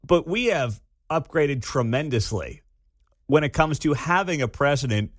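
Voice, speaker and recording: A man hosting a talk radio show, giving opinionated commentary in a conversational, animated, slangy way. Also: on the high side, normal speed, no echo, studio quality.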